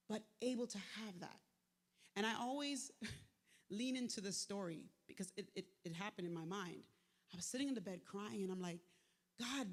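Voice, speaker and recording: A woman giving a live motivational faith talk, conversational and lively, with slangy asides to the crowd. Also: mid-range voice. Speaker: speaker at a faith event. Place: large venue, live event. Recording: echoey hall with long reverb.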